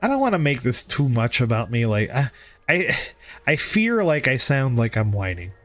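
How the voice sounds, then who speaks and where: A man's voice: mid-range voice, sing-song, normal speed, fairly bright tone, no room sound, soft background music. A man hosting a livestream and chatting candidly with viewers, swearing freely and being hard on himself. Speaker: livestream host. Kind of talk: casual stream chat.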